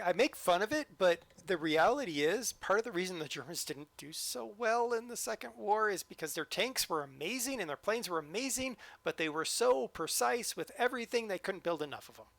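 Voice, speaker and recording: A man's voice: high-pitched, gravelly, fairly bright tone, no echo. A man streaming a train simulator live, joking and chatting to the game as he drives. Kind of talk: live-stream gameplay commentary.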